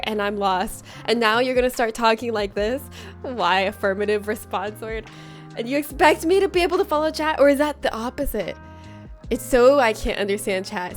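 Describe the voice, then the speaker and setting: A woman hosting a casual livestream from a room at home, reading out viewer comments in a playful, teasing way and laughing often. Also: a little high. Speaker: livestream host.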